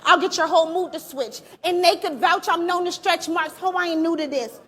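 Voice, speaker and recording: A woman performing a live battle rap, taunting her opponent with aggressive, shouted punchlines. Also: extremely high pitch, a little fast. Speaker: battle rapper. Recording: live event with crowd behind.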